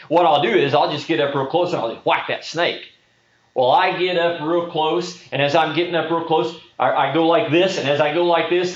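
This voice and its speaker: A pastor in a roomy hall tells a lively anecdote and then preaches, his voice a touch higher than most men's. He speeds up through the action and leans on words for effect. The sound is echoey and a little dull. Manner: animated storyteller, speeds up in action. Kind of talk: sermon with storytelling.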